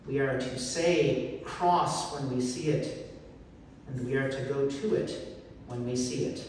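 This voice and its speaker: A pastor preaches a sermon with earnest emphasis in a mid-range, slightly mellow voice at a slow pace. It was recorded on a phone from the pews, so the church sanctuary sounds echoey and distant, with slight background noise.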